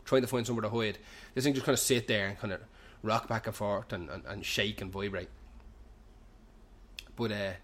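A man's voice: lowish voice, fairly even intonation, normal speed, fairly bright tone. A young man with a Dublin-tinged Irish accent, hosting a show from a pub and telling a rambling comic anecdote full of swearing. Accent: Irish, Dublin slang. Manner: heavy swearing, loose run-on storytelling. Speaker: podcast host.

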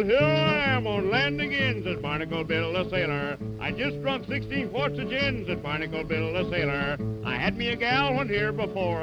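A man singing as a boastful, rowdy sailor in a comic ballad on an old record. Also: high voice. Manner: brash, swaggering, sung storytelling. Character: boastful rowdy male sailor, gruff and rude. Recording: lo-fi old record with loud band backing.

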